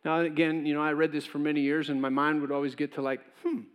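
A man's voice: on the high side, little pitch movement, fast talker, smooth, long reverb tail, highs cut off. A man pastor preaching a sermon in a conversational way, acting out short voices of the people in his story. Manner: conversational preaching, acts out voices of God and Cain. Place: church.

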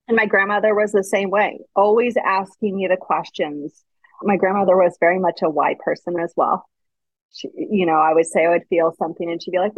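A woman's voice: medium pitch, normal speed, no room sound, muffled recording. A woman guest speaking candidly and reflectively in an interview, sometimes acting out the voices of people in her stories. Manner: earnest, reflective storytelling, acts out quoted voices. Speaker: guest author.

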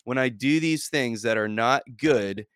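An earnest man co-hosting a casual faith podcast. He talks emphatically and stumbles over repeated words as he starts his points. His voice is bright and forceful, recorded close and dry. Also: mid-range voice, unhurried, clear, resonant tone, dry recording.

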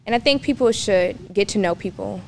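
A young woman telling a personal story in a casual, animated way, acting out the lines of the people in it. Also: medium pitch, brisk, gravelly, slight background noise. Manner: animated, acts out quoted dialogue. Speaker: guest.

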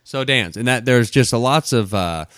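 A man co-hosting a podcast, running segments with easygoing, quick patter. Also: medium pitch, animated, fairly bright tone, dry recording. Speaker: podcast co-host. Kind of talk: casual chat.

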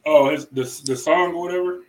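A man's voice: fairly high pitch, fairly even intonation, fairly quick, low-quality recording. A man from Cleveland hosting a podcast in casual chat, laid-back, joking and slangy. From Cleveland, Ohio, USA. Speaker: podcast host.

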